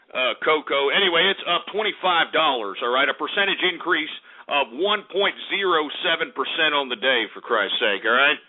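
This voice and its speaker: A radio show host, a man ranting brashly through market commentary with plenty of swearing. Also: fairly high pitch. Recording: tinny phone-like radio line.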